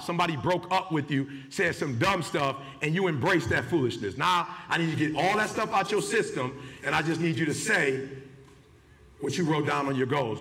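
A man's voice: fairly high pitch, creaky, a bit bright. A man giving an emphatic, slangy motivational speech to a live audience, calling for responses. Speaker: motivational speaker. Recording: live hall with long reverb.

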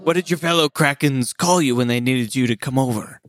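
A player in a tabletop game with a deadpan, measured way of talking. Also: mid-range voice, very noisy.

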